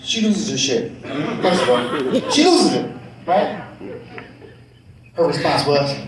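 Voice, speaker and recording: A man's voice: on the high side, slow pace, long pauses, heavy background noise. A man doing stand-up comedy, telling profane stories about family life and checking in with the crowd. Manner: animated, profane storytelling with crowd check-ins. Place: comedy club stage. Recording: echoey live club, distant mic, crowd audible.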